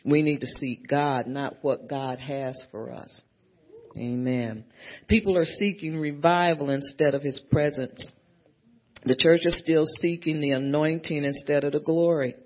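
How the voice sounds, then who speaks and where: Woman preacher delivering a sermon, slow and deliberate, amen after every point, lo-fi tape sound. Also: low-pitched, steady tone. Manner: preaching with frequent amens and hallelujahs; repeats and builds phrases. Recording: dull lo-fi sermon recording.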